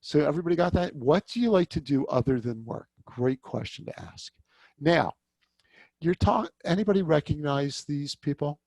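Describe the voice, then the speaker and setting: A man presenting a small-business networking workshop over a video call, chatty and lively, often asking his audience questions. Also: on the high side, moderate pace, gravelly, dry recording. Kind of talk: virtual workshop talk. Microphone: video call mic.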